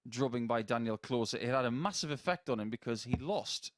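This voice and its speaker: A man doing live darts commentary, measured and analytical with a dry sense of humour. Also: medium pitch, lively intonation, noisy background.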